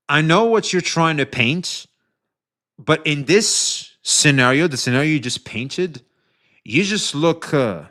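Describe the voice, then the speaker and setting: A man's voice: medium pitch, a bit bright. A man streaming live and reacting to a video, talking straight to his chat in a loose, profane way full of restarts. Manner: addresses chat directly, frequent restarts and swearing. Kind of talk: livestream reaction commentary.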